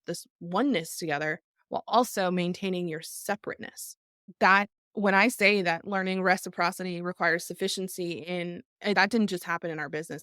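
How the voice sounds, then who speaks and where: A woman's voice: lowish voice, a bit bright, no room sound, studio quality. A middle-aged woman hosting a podcast, speaking earnestly and tearfully in a reflective live talk, repeating phrases for emphasis. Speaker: podcast host.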